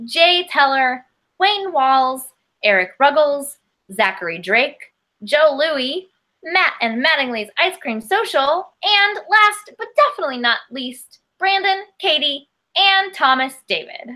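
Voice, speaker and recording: Bright high-voiced woman co-host. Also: lively intonation, slow. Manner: upbeat, reads out a thank-you list. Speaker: podcast co-host. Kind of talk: casual chat.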